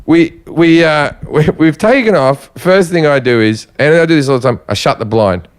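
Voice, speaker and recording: A man's voice: a little high, moderate pace, smooth. A man as a podcast guest telling a brash, profane story in casual chat.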